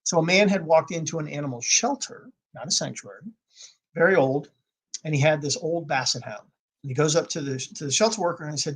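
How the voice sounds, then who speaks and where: A man speaking as a podcast guest, telling a personal story with strong emphasis, swinging from loud to nearly a whisper. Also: a little high, fairly quick, husky, low-quality recording.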